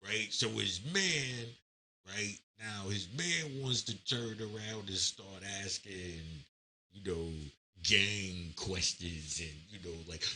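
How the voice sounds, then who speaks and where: Brief: man, low voice with a very bright edge, animated storyteller who acts out quotes. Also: takes it slowly. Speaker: storyteller recounting prison stories. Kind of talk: casual storytelling.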